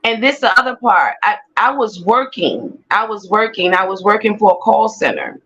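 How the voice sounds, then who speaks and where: A woman telling her personal testimony as an animated storyteller who repeats phrases for emphasis. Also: mid-range voice, moderate pace, slightly rough, dull audio. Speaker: guest sharing a personal testimony.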